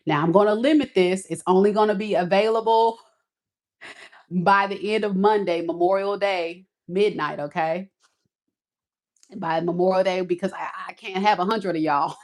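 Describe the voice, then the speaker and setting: A woman's voice: medium pitch, steady tone, moderate pace, a little mellow. A woman hosting a tarot live stream, talking to viewers in a folksy, casual way and calling them y'all.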